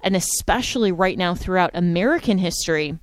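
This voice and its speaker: A woman's voice: lowish voice, expressive, a little fast, dry recording. A woman hosting a talk show, speaking in an emphatic, indignant way. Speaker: host.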